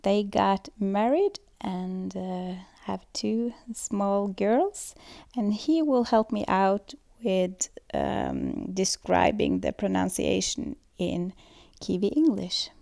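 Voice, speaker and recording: A woman's voice: medium pitch, vocal fry, a little mellow, no echo, clean studio sound. A woman giving a scripted student presentation on pronunciation, explaining steadily with occasional fillers. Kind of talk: school presentation voice-over.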